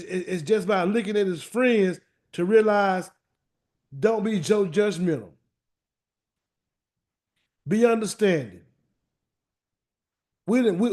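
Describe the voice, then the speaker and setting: High-voiced animated male Bible teacher. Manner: animated, colloquial, repeats words while searching. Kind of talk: weekly scripture word study and prayer. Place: meeting room streamed live.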